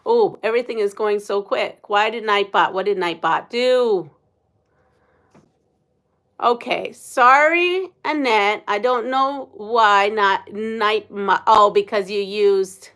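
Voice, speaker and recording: Chatty lady streamer, slow easygoing talk, laughs a lot. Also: medium pitch, fairly bright tone. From United States. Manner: chatty, laughs often, reads viewer comments aloud. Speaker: livestream host. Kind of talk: casual livestream chat.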